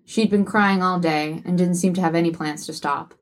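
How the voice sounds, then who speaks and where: A woman reading a work of fiction aloud with wry, even storytelling. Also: fairly low pitch, normal speed. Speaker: narrator. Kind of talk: audiobook narration of fiction.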